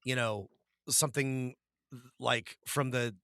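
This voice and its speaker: A man's voice: mid-range voice, steady tone, slow pace, pushed and bright, dry recording, clean studio sound. A man co-hosting a tabletop game podcast, talking casually, stammering, repeating words and trailing off mid-thought. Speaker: podcast co-host, game master.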